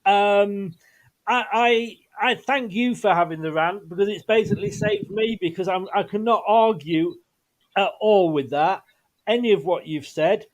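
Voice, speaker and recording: A man's voice: sits high, measured pace. A man hosting a casual football fan chat, wry and frustrated. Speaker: fan channel host.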